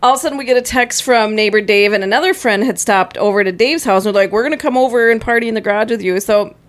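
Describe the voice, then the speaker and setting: A woman co-hosting a casual chat, telling an animated story and laughing often. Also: fairly high pitch, quick pace. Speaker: podcast co-host.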